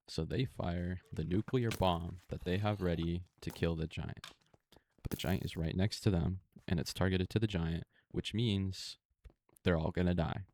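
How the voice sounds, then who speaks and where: A man casually retelling a movie in a flat, monotone way over gameplay, speaking close to a desktop microphone with plenty of fillers. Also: low-pitched. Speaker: gaming video creator.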